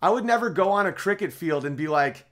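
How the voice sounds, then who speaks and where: A man with a somewhat high voice hosts a podcast stream. He talks in a loose comic monologue, often restarting his words and drifting into side jokes. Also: animated, fairly quick, fairly bright tone. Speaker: podcast host. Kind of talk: casual comedic monologue on a livestream.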